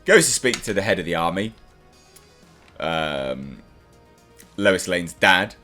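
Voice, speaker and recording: A man's voice: low-pitched, sing-song, slow pace, bright, forceful tone, soft background music. A man hosting his own channel, giving a casual and enthusiastic spoken review of a TV episode. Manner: enthusiastic, chatty, acts out characters' lines.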